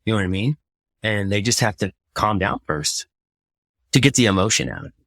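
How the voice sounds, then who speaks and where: A man, a firefighter, chats casually on a podcast, swearing easily and often checking in with "you know what I mean". His voice sits low. The sound is dry and close, with no room echo. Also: fairly bright tone.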